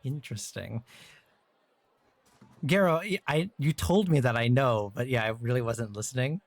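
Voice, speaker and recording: A man's voice: medium pitch, moderate pace, no echo. A man hosting a live-stream story time, chatting in an easygoing way and thinking aloud. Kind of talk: casual live-stream chat.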